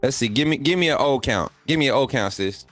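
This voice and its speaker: A middle-aged man talks loose and chatty, repeating himself and hyping up his viewers as he hosts a live sports stream. His voice sits at an ordinary, mid-range pitch. It is recorded dry on a close desk mic, with faint music playing underneath. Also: animated, fast, fairly bright tone, dry recording. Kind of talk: casual live-stream chat.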